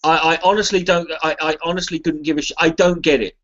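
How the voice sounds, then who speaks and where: An English man with a fairly high voice rambles to his viewers, cursing often and tripping over his own sentences. The audio is a bit dull and muffled, like a lo-fi stream recording. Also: steady tone, fast talker, fairly bright tone. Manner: rambling, swears freely, restarts sentences. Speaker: charity livestream contributor. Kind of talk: casual rambling chat to a live stream.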